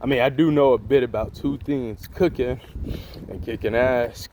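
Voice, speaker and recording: A man's voice: mid-range voice, moderate pace, a little mellow, slight background noise, natural voice. A man voicing a cool, cocky adult male chef who fights with his kicks.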